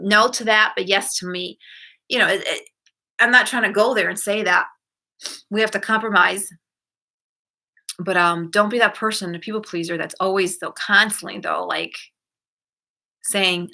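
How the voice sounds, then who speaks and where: A woman's voice: medium pitch, brisk, pushed and bright. A middle-aged woman hosting a self-help talk, chatting in a rambling, self-correcting way and acting out quoted lines in a shifted voice. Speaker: self-help podcast host. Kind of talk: casual solo talk.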